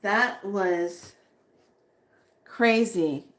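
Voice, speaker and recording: A woman hosting a spiritual vlog, reading names aloud slowly with breathy exclamations and sudden whoops while she says she is overheated and sweating. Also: mid-range voice, a bit bright. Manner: slow, breathy exclamations, bursts of whooping and laughter. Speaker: spiritual vlogger.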